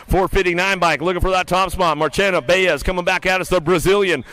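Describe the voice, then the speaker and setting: High crisp dude doing live bmx race commentary, fast name-calling play by play. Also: male voice, steady tone, rough recording. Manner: rapid play-by-play calling riders' names and positions; drops lower and quieter when reading results and lineups. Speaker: race announcer.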